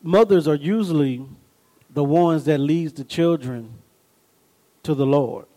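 A man's voice: on the high side, slow, dark tone, low-quality recording. A middle-aged man preaching a sermon as pastor. He tells folksy stories with call-and-response asides and rises into bursts of emphasis.

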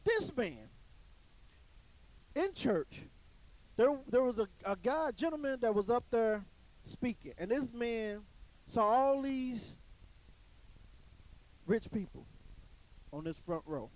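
A man's voice: very high voice, very animated, takes it slowly, long pauses, darkish tone, low-quality recording. A man telling a story to an audience in an emphatic, preachy way, often repeating his phrases. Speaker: commentator on church life.

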